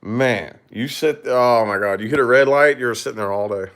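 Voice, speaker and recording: A man's voice: medium pitch, expressive, measured pace, a bit bright. A man from Kentucky, a YouTuber, chatting casually with viewers in a rambling way, swearing and laughing often. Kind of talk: casual livestream chat.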